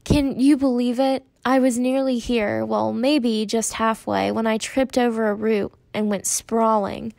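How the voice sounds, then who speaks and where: A woman voicing a gentle mother who stays calm and reassuring, speaking softly and steadily in a storybook reading. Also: on the high side, unhurried, vocal fry, hardly any pauses, no echo. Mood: soothing. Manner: soft, steady, self-deprecating.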